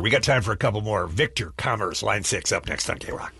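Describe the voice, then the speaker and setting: A man's voice: on the low side, lively intonation, brisk, pushed and bright, slightly rough, no echo. A man co-hosting a morning radio show, joking with callers in a playful put-on growl.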